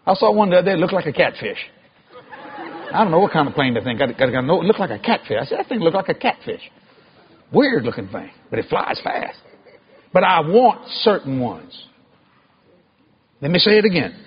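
A man preaching a sermon to a congregation, with emphatic stresses and sudden high shouted climbs. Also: very animated, a little fast, long pauses, muffled recording, a little hiss or hum.

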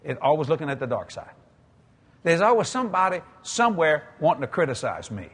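A husky, fairly high-pitched man speaks fairly quickly in a South Louisiana Cajun accent. As a guest preacher, he fills his humorous sermon with jokes and laughter, telling stories animatedly and laughing at his own lines.

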